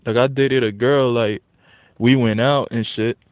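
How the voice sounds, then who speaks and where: A man's voice: mid-range voice, a little slow, no echo. Male vlogger, blunt and profane casual rant, recorded with thin lo-fi phone quality. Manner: blunt, profane, animated when worked up. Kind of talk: casual ranting monologue. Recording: tinny phone-like dry audio.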